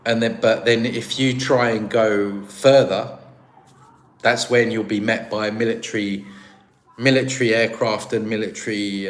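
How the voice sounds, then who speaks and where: A British man hosting a livestream, chatting casually and answering viewer comments in a rambling, self-deprecating way. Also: lowish voice. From Britain. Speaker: livestream host. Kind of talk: casual live-stream chat, reading viewer comments.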